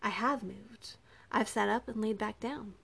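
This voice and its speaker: A woman's voice: medium pitch, measured pace, creaky, a bit bright, husky, full character voice. A woman voicing a frightened, ashamed young woman in a storybook reading, pleading and wary. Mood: defiant.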